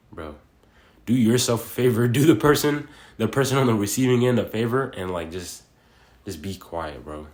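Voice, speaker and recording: Low-voiced young man rambling casually. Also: roomy sound. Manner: rambling, slangy, full of fillers like "bro" and "like". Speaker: vlogger. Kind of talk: casual monologue.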